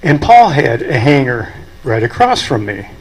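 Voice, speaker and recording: A man's voice: mid-range voice, sing-song, measured pace, breathy edge, rough recording. An older man, speaking at a memorial and telling folksy anecdotes with chuckles. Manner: folksy storytelling, chuckling at his own stories. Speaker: aviation club president giving a eulogy.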